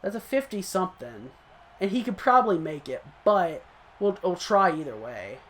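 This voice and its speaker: A gaming channel host casually narrates his own football video game match, chatty and self-critical, with short bursts of laughter. His high, sing-song voice has a fairly bright tone at normal speed, over slight background noise.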